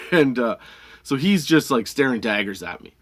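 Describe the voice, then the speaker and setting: A man's voice: medium pitch, animated, unhurried, fairly bright tone. A male podcast host telling a comic story, swearing freely and laughing between lines.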